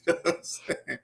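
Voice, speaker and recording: A man hosting a casual live stream, reading out viewer comments and laughing often. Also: a bit bright. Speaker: livestream host.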